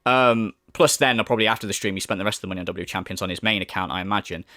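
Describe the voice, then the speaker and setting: A man's voice: on the low side, racing, sharp tone, no room sound, studio quality. A man giving sweary, sarcastic commentary as a YouTuber and often laughing at the person he is discussing. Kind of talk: ranting commentary.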